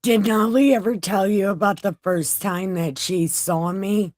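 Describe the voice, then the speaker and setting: A woman's voice: mid-range voice, fairly even intonation, a little slow, a little mellow, no room sound. A woman in her forties chatting casually in an easygoing, dryly self-mocking way. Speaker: adult daughter. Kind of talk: casual chat.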